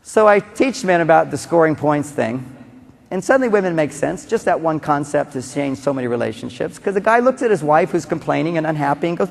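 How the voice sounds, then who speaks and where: A man giving a conference talk on relationships, animated, acting out quotes and repeating key phrases. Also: a little high, a little fast, gravelly. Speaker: relationship seminar speaker. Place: large conference hall. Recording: long reverb of a conference hall.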